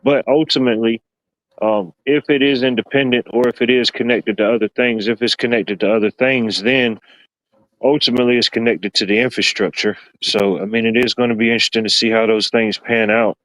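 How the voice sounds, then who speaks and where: A man hosting a casual podcast discussion, reasoning aloud in a measured, hedging way and repeating himself often. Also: mid-range voice, steady tone, fairly bright tone, no echo, low-quality recording.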